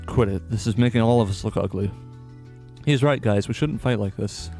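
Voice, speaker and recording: Sarcastic, low-voiced male game streamer. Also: moderate pace, a little mellow, soft background music. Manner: casual, sarcastic, swears and laughs often. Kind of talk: let's play commentary reading game dialogue aloud. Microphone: desktop USB microphone.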